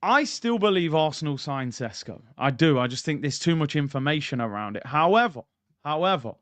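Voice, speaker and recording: Casting: high, animated male football streamer, dry close mic, ranting and excitable. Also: a little fast, no room sound. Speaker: football YouTuber, stream host. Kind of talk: casual live-stream football commentary.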